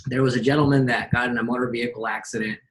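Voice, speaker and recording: A man with a mid-range voice explains a treatment his facility offers. He speaks in a steady, measured way, pausing with frequent fillers as he gathers his words. Faint noise sits under the voice. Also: medium pitch. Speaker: hyperbaric facility operator. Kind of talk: informative explanation.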